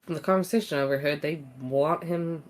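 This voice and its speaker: Woman, tabletop player, wry, skeptical, very low voice. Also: brisk. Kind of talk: tabletop role-play.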